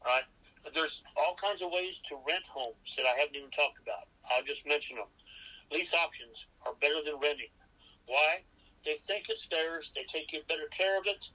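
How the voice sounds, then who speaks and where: A man with a bright, forceful voice pitched a bit high for a man teaches real estate on a podcast. He works through numbered rules and keeps asking his listener whether he follows. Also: normal speed, low-quality recording. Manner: instructive, lays out numbered rules and checks in with "okay?". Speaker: real estate expert guest. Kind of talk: podcast interview, seminar-style advice.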